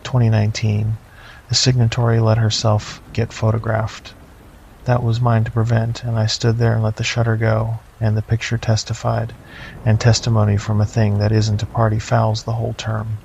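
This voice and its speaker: A man voicing a tired male government agent who talks flat, with no rise or fall. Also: fairly low pitch, moderate pace, gravelly. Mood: flat, weary. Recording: slightly dull lo-fi, faint noise.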